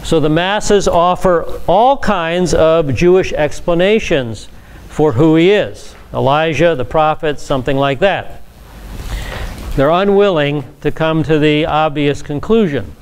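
A man's voice: on the high side, measured pace, clear, resonant tone. A pastor leading a Bible study, explaining scripture to a class in a conversational teaching manner with asides to his listeners.

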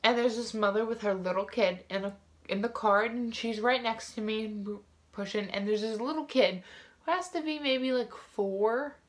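A woman's voice: fairly high pitch, normal speed. A woman vlogger telling a story to camera in a casual, rambling way, full of "like" fillers and restarts, frank and indignant.

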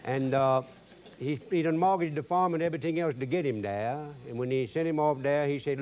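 A man's voice: fairly high pitch, brisk, darkish tone. A man with a Cajun accent hosting a cooking show, telling folksy stories in a drawl with loose Cajun grammar. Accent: Cajun Louisiana. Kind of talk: folksy cooking demo with jokes.

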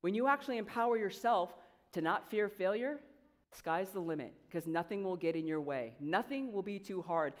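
A woman coach giving an energetic motivational speech to students, talking conversationally and quizzing the audience. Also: medium pitch, normal speed. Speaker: coach and guest speaker. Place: large event hall with an audience. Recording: long hall reverb.

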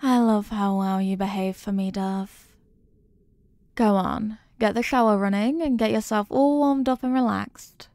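A woman voicing a clingy, possessive young girlfriend in a whispered role-play, soft and doting. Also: mid-range voice, steady tone, unhurried, no room sound, close to an everyday voice.

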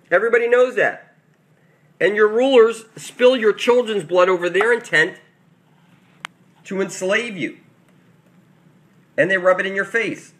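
Preachy ranting man, higher voice. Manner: preachy, emphatic, keeps calling out to 'people'; rambling, swings between loud and muttered. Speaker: channel host. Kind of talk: conspiracy rant to camera.

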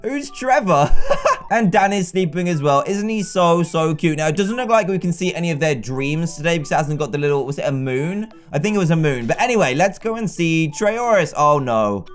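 A man giving chatty, excitable let's-play commentary and talking to the game characters. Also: a little high, brisk, faint music behind. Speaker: gaming YouTuber.

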